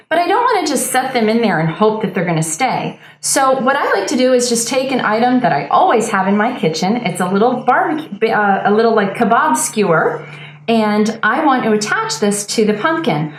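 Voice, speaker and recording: A woman's voice: mid-range voice, reverberant. A woman hosting a lifestyle show, giving an upbeat, casual how-to demonstration while she works with her hands. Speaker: show host demonstrating a planter DIY.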